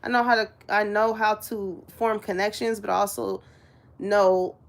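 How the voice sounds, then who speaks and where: A woman's voice: mid-range voice, fairly even intonation, normal speed, creaky. A woman giving a casual, chatty spiritual reading to her viewers, laughing often and swearing freely. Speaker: spiritual reader.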